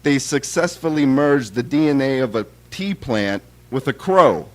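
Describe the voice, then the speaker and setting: A man's voice: mid-range voice, lively intonation, unhurried, lightly acted. A man playing a pushy market tea seller. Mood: insistent.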